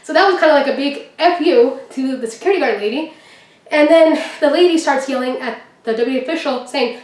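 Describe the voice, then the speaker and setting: A young woman vlogger telling a story in a casual, excited way, acting out what people said. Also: high voice, fairly quick, far from the mic. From Texas. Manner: excited, chatty, acts out quotes. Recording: echoey room, mic set back.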